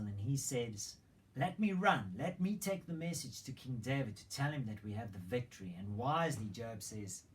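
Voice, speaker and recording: A man preaching a sermon as a story, retelling it with dramatic emphasis and hushed moments. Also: mid-range voice. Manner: dramatic retelling, swings between loud emphasis and hushed whispers. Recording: distant mic with faint background noise.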